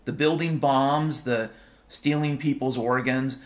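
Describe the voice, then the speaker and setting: A man's voice: medium pitch, steady tone, takes it slowly. A man delivering a rambling, playful monologue as a host, full of wordplay and repetition, swearing freely. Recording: piano music playing behind.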